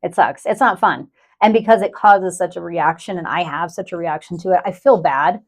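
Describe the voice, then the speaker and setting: A woman's voice: lowish voice, normal speed. A woman co-hosting a podcast in casual chat, candid and profane, often laughing as she talks. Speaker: podcast co-host.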